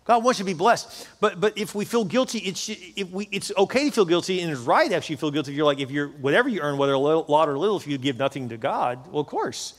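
A male pastor preaches with fervent conviction and doubles back on words for emphasis. His voice sits a touch high and carries long reverb through a large church auditorium. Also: expressive, fast talker, few pauses. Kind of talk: sermon.

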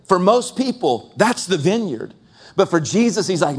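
A man's voice: fairly high pitch, lively intonation, normal speed, darkish tone, husky. A male pastor preaching a sermon in an emphatic voice, piling up repeated phrases. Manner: emphatic, repetitive lists.

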